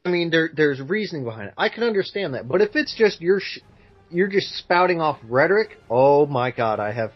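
A man's voice: fairly high pitch, big pitch swings, brisk, faint music behind. Opinionated man on a lo-fi podcast. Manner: opinionated, lots of "you know" fillers. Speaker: podcast co-host. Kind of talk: casual chat.

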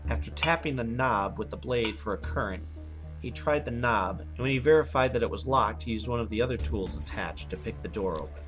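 A man narrating an action story in a steady reading voice. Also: mid-range voice, fairly quick, music in the background.

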